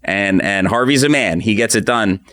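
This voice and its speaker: Low-voiced man telling lively stories. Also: moderate pace, no room sound. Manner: animated storyteller acting out quotes. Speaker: podcast host, attorney. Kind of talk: casual conversational storytelling.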